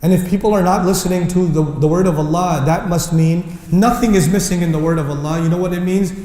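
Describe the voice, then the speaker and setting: Man, Islamic lecturer, impassioned, mellow, fairly high voice, echoey hall. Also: brisk. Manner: impassioned, rising to near shouting; mixes English with Arabic recitation. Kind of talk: lecture on Quran verses.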